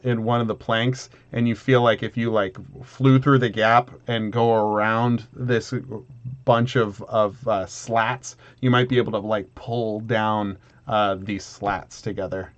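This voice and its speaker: Male game master, loose rambling delivery, slightly muffled recording. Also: mid-range voice. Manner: rambling with many fillers and restarts. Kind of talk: narrating a tabletop game.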